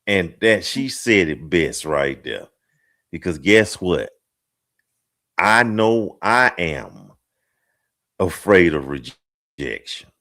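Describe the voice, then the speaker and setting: A middle-aged man leads a relaxed group talk in a low, slow voice. His pitch rises and falls a lot as he hesitates, laughs at himself and teases the guests. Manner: hesitant, self-mocking, playful. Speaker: talk show host. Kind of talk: casual group discussion.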